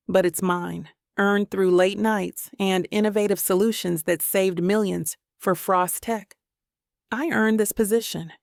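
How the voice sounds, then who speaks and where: A woman narrating a first-person romance audiobook in a measured, introspective way on a close mic. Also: medium pitch, dry recording.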